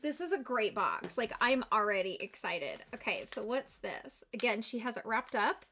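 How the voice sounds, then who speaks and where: A woman's voice: a little high, animated, normal speed, sharp tone, a little hiss or hum. A young adult woman, a beauty vlogger, chatting through a makeup unboxing and gushing with gasps and exclamations. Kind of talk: excited unboxing chat.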